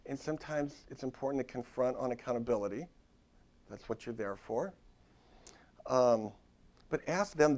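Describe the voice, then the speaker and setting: A man's voice: mid-range voice, moderate pace, long pauses, a little mellow. A middle-aged man, a therapist giving a live lecture to other therapists, talking straight to the audience with emphatic repetition. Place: lecture room at a university.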